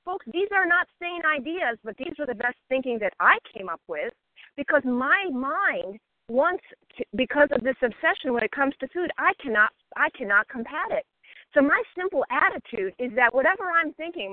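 A woman's voice: high voice, no room sound. A woman from Maryland sharing earnestly at a recovery meeting, reading aloud and speaking directly to newcomers. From Maryland, USA. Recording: tinny phone line.

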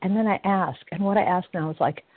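Woman, recovery sharer, lowish voice, self-mocking, tinny phone sound. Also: dry recording. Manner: reflective, self-mocking, halting. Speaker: member sharing at a phone meeting. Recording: dry tinny phone line.

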